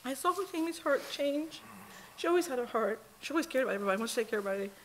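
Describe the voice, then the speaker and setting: A woman's voice: high-pitched, expressive, rapid-fire, a little hiss or hum. Middle-aged woman telling family stories. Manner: earnest, folksy storytelling with quoted dialogue. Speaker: mother speaking at a memorial service. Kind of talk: personal eulogy storytelling. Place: church sanctuary.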